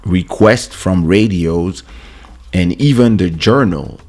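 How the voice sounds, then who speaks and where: A man hosting his own show, telling a casual story about his music career. He talks in a relaxed way and often repeats words as he goes. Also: low-pitched, takes it slowly. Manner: relaxed anecdotal, stammering repeats. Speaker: host and musician. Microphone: studio podcast microphone.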